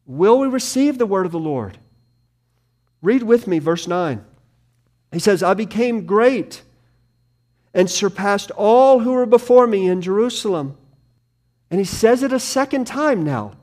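A man preaching a sermon, reading scripture aloud and swinging between loud emphatic peaks and hushed, low phrases. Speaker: pastor.

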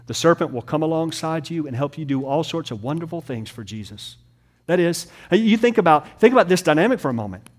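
A man preaching a sermon, swinging from loud, rapid lists to hushed, near-whispered passages. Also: a little high, lively intonation.

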